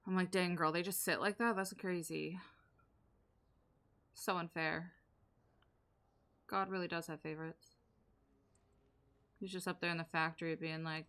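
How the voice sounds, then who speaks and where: Sarcastic woman streamer, low bright voice. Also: fairly even intonation, unhurried, long pauses, smooth. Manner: sarcastic, joking banter with chat. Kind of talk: casual live gameplay commentary.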